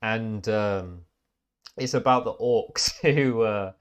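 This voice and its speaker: A man's voice: lowish voice, slow pace, clean tone. A man, a podcast host chatting casually in a rambling, self-correcting way and laughing at his own jokes. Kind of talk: casual chat.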